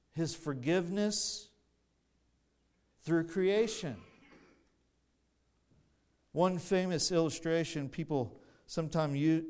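A man preaching a sermon with a smooth, clear voice that sits fairly high for a man. He talks slowly and explains each point step by step, often going back to restart a phrase. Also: darkish tone. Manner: measured, explanatory, with frequent restarts.

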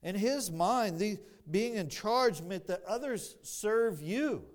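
This pastor's high, animated voice carries a slow, deliberate expository sermon that swells on emphatic phrases. He also addresses the congregation with dry asides.

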